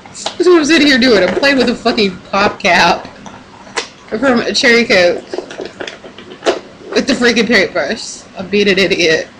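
A young woman in a casual vlog pep talk, rambling and emphatic, swearing a lot as she talks to her camera at home. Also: mid-range voice. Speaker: vlogger. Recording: noisy home recording.

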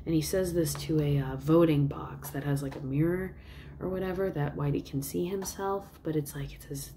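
A woman's voice: sits low, steady tone, moderate pace, mellow, a little hiss or hum. A woman casually retelling a movie plot in a rambling way, with many fillers. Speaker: vlogger.

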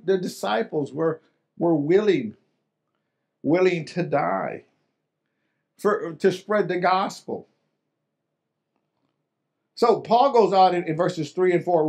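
A pastor preaching a sermon, emphatic and repetitive, stumbling over restarts, dropping low and soft, then rising loud. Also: male voice. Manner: swings between loud and soft, acting out quotes.

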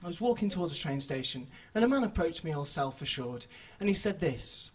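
A man doing a stand-up comedy routine on a club stage, telling stories with sudden loud bursts. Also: a little high, animated, brisk, few pauses, husky.

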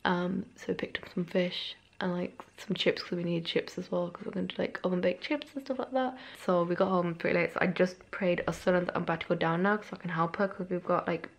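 A woman's voice: on the low side, fairly even intonation, a little fast, vocal fry, hardly any pauses. A tired young woman, rambling casually to camera in her room at home, a little out of breath. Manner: rambling, chatty, self-deprecating, slightly out of breath. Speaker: vlogger. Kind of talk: casual vlog chat to camera. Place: bedroom at home.

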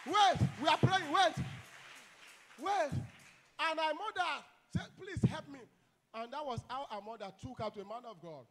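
A man preaching a fiery deliverance sermon as pastor, shouting commands and speaking in tongues. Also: very high-pitched, normal speed, a little hiss or hum.

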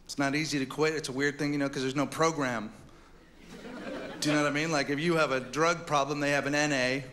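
A man's voice: on the high side, fairly even intonation, brisk, a bit bright, slight background noise. A man in his forties doing a stand-up comedy routine on stage, sweary and exasperated as he rants. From United States. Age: 40s. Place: comedy stage before a live audience. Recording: live stage mic with crowd. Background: audience laughter.

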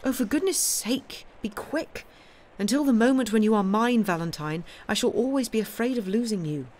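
A woman's voice: fairly high pitch, animated, normal speed, darkish tone, voice pushed up. A woman reading aloud and voicing an anxious, impatient young male officer. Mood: pleading. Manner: pleading, impatient.

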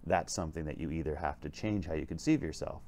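A man hosting a vlog, telling a story in a conversational, animated way from inside a vintage train lounge car. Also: very deep voice, fast. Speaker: vlog host and leadership speaker.

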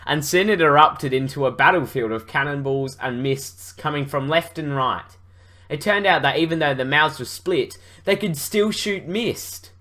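A man's voice: on the high side, expressive, normal speed, bright, forceful tone. A young man sarcastically reading aloud and mocking his own old book.

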